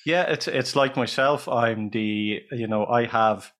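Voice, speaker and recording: A man's voice: mid-range voice, unhurried, a bit bright. A middle-aged man with an Irish accent hosting a radio interview in a chatty, rambling, jokey manner. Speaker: radio host. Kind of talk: casual radio interview chat.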